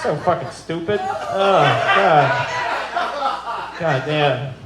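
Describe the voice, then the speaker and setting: High-voiced profane man roasting in a bar. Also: lively intonation, extremely slow. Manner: profane, rambling, laughing at his own jokes. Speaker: roast guest of honor. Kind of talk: live stand-up roast. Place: bar with a live audience. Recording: echoey bar room, loud background noise.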